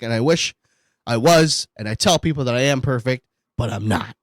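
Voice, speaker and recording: A man's voice: medium pitch, normal speed, no room sound. A man co-hosting a casual podcast, rambling and joking, poking fun at himself and swearing freely. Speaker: podcast co-host.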